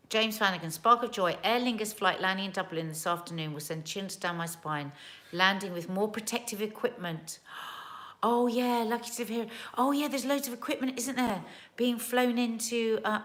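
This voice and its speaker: A woman's voice: mid-range voice, a bit bright. A woman hosting a casual livestream from home, reading viewer comments aloud in a chatty, earnest and emotional way.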